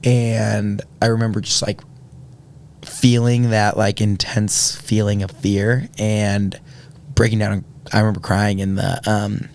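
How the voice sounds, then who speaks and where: A young man speaks in a somewhat low voice. He tells his story earnestly, with lots of fillers and restarts. It sounds like a relaxed podcast conversation. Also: a little slow, creaky. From Indiana, USA. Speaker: podcast guest. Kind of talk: casual storytelling.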